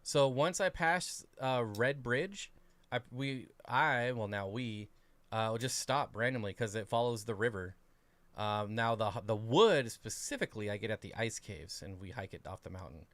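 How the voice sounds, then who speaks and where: A man with a fairly low voice chats loosely on a fishkeeping livestream. He rambles along, filling the gaps with "uh" and "um". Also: moderate pace, no echo. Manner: relaxed, rambling, lots of fillers. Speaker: co-host of an aquarium livestream. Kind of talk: casual livestream chat.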